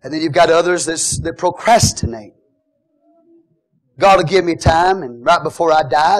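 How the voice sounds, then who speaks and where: Fervent high-pitched preacher man. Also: lively intonation, a little slow, pauses often. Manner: fervent, shouting praise; quieter teaching tone. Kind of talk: Pentecostal sermon.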